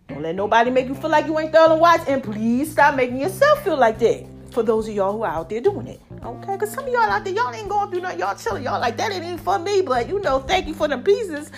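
High-voiced woman preaching to her viewers. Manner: animated, preachy, addresses viewers as y'all. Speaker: vlogger. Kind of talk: motivational faith talk to viewers.

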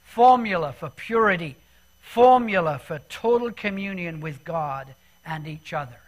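High-voiced male preacher, lively and talky. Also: measured pace. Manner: conversational and animated, asks the congregation questions. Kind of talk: sermon.

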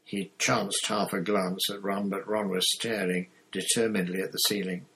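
A man reading a novel aloud in a steady narrating manner, with occasional slips and restarts. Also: sits low, moderate pace, breathy edge, poor audio. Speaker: audiobook reader. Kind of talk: storybook narration.

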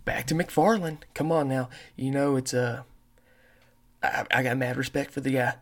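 Rambling, profane male podcast host. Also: mid-range voice. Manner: says he has a terrible accent and mispronounces words. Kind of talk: casual monologue.

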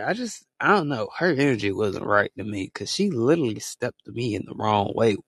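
A man co-hosting a podcast in casual chat, telling stories in slang with sudden high exclamations. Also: sing-song, a little fast, hardly any pauses, breathy edge, no room sound. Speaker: podcast co-host.

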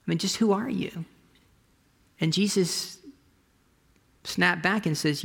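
A pastor preaching a conversational, storytelling sermon, often restarting phrases and dropping to a soft whisper for emphasis. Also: mid-range voice, slow pace, vocal fry, breathy edge, big-room sound. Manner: frequent restarts and trailing phrases.

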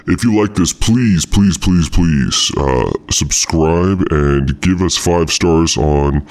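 A man hosting a podcast, wrapping up in a rambling, chatty way with many fillers. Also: a bass voice. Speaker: podcast host. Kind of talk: casual podcast outro.

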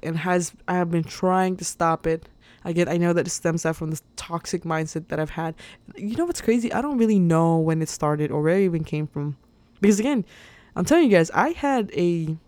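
A woman's voice: fairly low pitch, a little mellow, no room sound. A young woman hosting a podcast, talking casually and motivationally with lots of fillers and frequent laughs. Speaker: podcast host.

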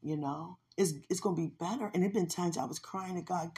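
A woman's voice: on the low side, fairly quick, few pauses, warm tone, slightly rough. A woman hosting a podcast, talking about her faith in a fervent, emotional way and laughing often. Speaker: podcast host. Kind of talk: devotional personal talk.

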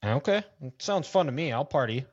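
A podcast host with a mid-range, lively voice keeps things brisk, laid-back and teasing with dry quips in casual chat, and he also reads the show's wrap-up. The audio is dull, dry and lo-fi, with no room sound.

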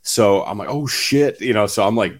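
Brief: deep-voiced man, casual rambling storyteller, heavy fillers, swears freely. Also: fairly even intonation, fast talker. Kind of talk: casual chat.

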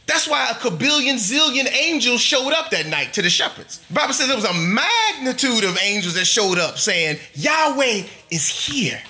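A man's voice: very high voice, sing-song, moderate pace, hardly any pauses, sharp tone. A middle-aged male pastor preaching a sermon to a congregation, emphatic, building long chanted lists. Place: church before a congregation.

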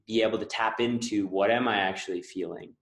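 A man's voice: on the low side, steady tone, brisk, a bit bright, reverberant, rough recording. A man hosting a podcast, earnestly explaining ideas with analogies in a reflective conversation. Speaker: podcast host.

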